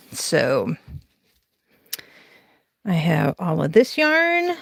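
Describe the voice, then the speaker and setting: A woman's voice: on the low side, gravelly, no echo. A woman in her forties with a Southern accent, hosting a casual late-night crafting livestream from her home. She chats and rambles as she walks through the house, laughing often and talking to her viewers. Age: 40s. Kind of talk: casual live-stream chat. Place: her home, moving from room to room.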